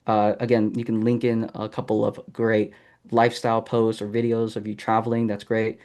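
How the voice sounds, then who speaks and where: A man's voice: lowish voice, completely flat delivery, moderate pace, a little mellow. A man hosting a live online masterclass over a video call, coaching in a casual, encouraging way with frequent ums. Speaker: masterclass host and sales coach. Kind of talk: live online teaching session.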